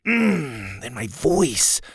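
A man's voice: medium pitch, sing-song, very slow, slightly rough, dry recording, studio quality, heavily acted. A man voicing a young boy overjoyed at speaking again, giddy and vain, in a children's story. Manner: giddy, exclamatory.

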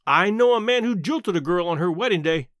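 Here a man reads a story as a sharp-tongued, blunt old country aunt, plain-spoken, dry and matter-of-fact. His high-pitched, expressive voice moves fairly quickly in a dry recording.

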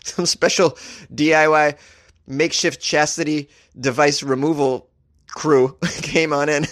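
A man's voice: fairly high pitch, normal speed, fairly bright tone, no echo, studio quality. A man hosting a comedy show, telling a story while laughing at his own jokes and riffing.

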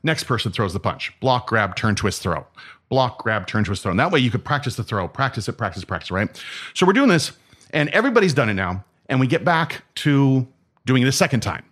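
Animated man telling martial arts stories. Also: medium pitch, a little fast. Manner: animated, acts out dialogue, says "right?" often. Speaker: martial arts instructor and guest. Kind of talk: casual storytelling.

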